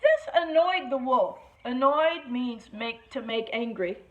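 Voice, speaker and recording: Woman teacher, reading aloud to children, high lively voice, muffled lo-fi recording. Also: takes it slowly. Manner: expressive, stops to explain words.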